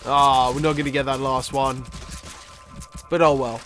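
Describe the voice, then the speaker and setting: A young man giving rambling, tired let's-play commentary, with many fillers and sudden excited outbursts. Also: medium pitch, a little slow, faint music behind. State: tired, yawning. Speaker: gaming YouTuber.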